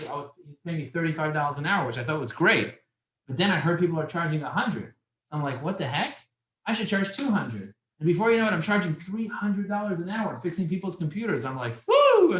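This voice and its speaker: A man's voice: a little high, quick pace, echoey room, low-quality recording. A man teaching a business class to a room of young men, telling stories and asking them questions. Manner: animated storyteller, asks the room questions. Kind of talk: lively classroom talk. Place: classroom with audience.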